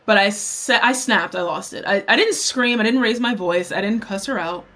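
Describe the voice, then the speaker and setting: A young woman vlogs a storytime while she does her makeup, candid and quick to swear. She tells the story in an animated way. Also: medium pitch. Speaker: vlogger.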